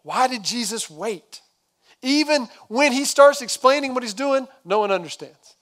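A male pastor giving a sermon, retelling the story in a casual, conversational way with quick asides. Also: very high voice, expressive, a bit bright.

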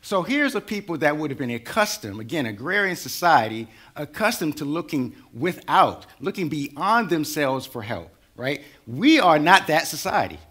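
A man's voice: fairly high pitch, big pitch swings, moderate pace, hardly any pauses, fairly bright tone. A man preaching a sermon in a conversational way, building to rising intensity. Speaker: pastor.

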